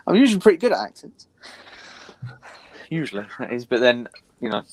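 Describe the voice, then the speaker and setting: A man with a lively, up-and-down voice banters with friends on a livestream. He jokes around and leans into corny dad jokes. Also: medium pitch, normal speed. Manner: jokey, tells dad jokes. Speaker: livestream guest. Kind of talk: casual chat.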